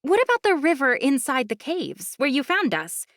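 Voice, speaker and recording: A woman voicing an eager, curious young woman who asks questions in a raised, excited voice. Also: sits high, normal speed, dry recording, studio quality, pitched above the performer's own voice, exaggerated voice.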